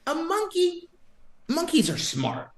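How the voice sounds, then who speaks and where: A man's voice: extremely high pitch, takes it slowly, reverberant. A man hosting a sports podcast, ranting and joking emphatically in casual banter. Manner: animated, joking, emphatic rants.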